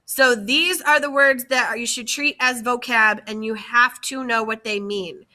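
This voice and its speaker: A woman's voice: on the high side, fairly even intonation, unhurried, pushed and bright. A woman teacher giving a slide-based lesson, speaking carefully and repeating key words for her students. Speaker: French teacher.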